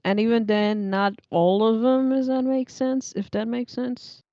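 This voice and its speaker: Chatty young woman with a smooth, mellow voice. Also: fairly high pitch, flat delivery, a little slow, no echo, muffled recording. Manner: chatty, rambling, laughs often. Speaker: livestream host reading chat. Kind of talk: casual stream chat.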